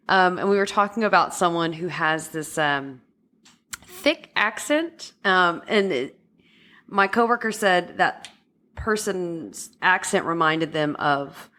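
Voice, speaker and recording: A woman's voice: on the low side, bright, forceful tone. A woman co-hosting a podcast, talking casually and hesitantly with many fillers. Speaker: podcast co-host. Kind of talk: casual chat.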